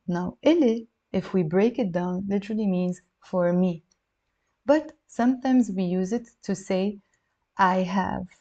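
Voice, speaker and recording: A woman teaching a language lesson, patiently breaking phrases down and repeating them slowly. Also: mid-range voice, dark tone, lo-fi sound.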